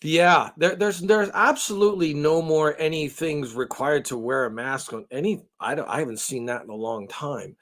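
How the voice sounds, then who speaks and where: A man co-hosting a podcast in a somewhat high voice. He rambles through casual chat, hedging and restarting his sentences. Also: moderate pace, few pauses, fairly bright tone. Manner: rambling, hesitant, many restarts and fillers. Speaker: podcast co-host.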